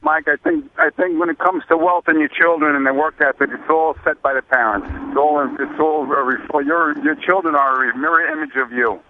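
A man's voice: a little high, a little fast, few pauses. A man calling in to a radio show, earnest and repeating himself. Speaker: caller. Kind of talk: call-in radio. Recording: tinny phone line with noise.

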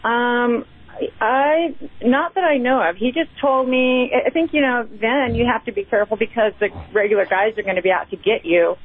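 A woman's voice: a little high, moderate pace. A woman calling in to a radio show who speaks politely and earnestly. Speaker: caller. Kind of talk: phone-in conversation. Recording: tinny phone line.

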